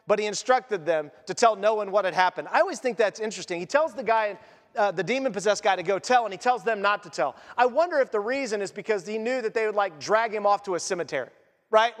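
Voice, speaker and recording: A man preaching a sermon in a conversational, animated storytelling manner. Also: sits high, a little fast. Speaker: pastor. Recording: long church reverb.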